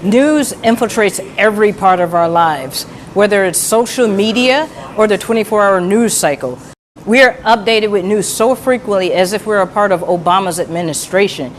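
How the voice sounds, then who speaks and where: Deadpan speaker doing spoof media analysis, dry jokes, faint hiss behind. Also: medium pitch, moderate pace. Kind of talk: comedic news commentary.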